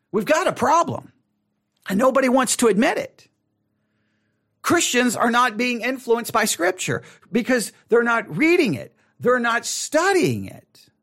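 A man hosting a podcast, teaching on Bible study in an emphatic way and repeating words for stress. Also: high-pitched. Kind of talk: spoken teaching.

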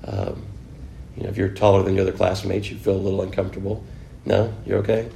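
A man's voice: low voice, flat delivery, fast talker, gravelly, dark tone, slight background noise. A man preaching an informal Bible lesson, chatting with his class, asking them questions and filling in with "you know". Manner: conversational, asks the class questions, many "you know" fillers.

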